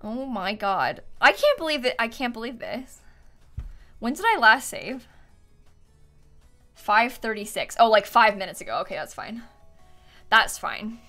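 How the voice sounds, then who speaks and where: A woman's voice: a little high, very animated, measured pace, long pauses, sharp tone, soft background music. A young woman chatting casually and giggling often as she streams herself playing a game. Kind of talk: casual live-stream chat while playing.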